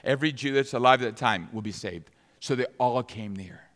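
A man preaching a sermon, retelling a scripture story with dramatic, animated delivery. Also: medium pitch, a little fast. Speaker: pastor. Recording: long reverb of a large hall.

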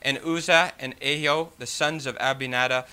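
Bright-voiced male preacher. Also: mid-range voice, moderate pace, clean tone. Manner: reads scripture, then preaches with animated emphasis and rhetorical questions; folksy asides, frequent "you know". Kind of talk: sermon with scripture reading.

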